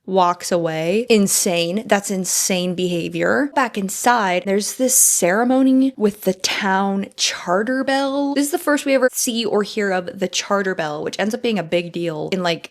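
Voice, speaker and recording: Female recap host with a mid-range voice, chatty and sarcastic, quick to laugh. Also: medium pitch, gravelly. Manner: sarcastic, animated, laughs often. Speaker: TV recap vlogger. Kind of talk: casual recap chat.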